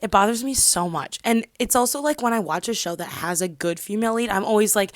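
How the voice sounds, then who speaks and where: A young woman at home ranting casually to her camera, chatty and animated, often dropping to a whisper for side comments. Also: mid-range voice, quick pace, few pauses, dry recording. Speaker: vlogger.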